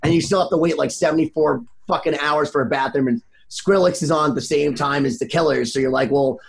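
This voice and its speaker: A man co-hosting a podcast in casual chat, rambling and animated, swearing freely. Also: fairly high pitch, fast, creaky. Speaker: podcast co-host.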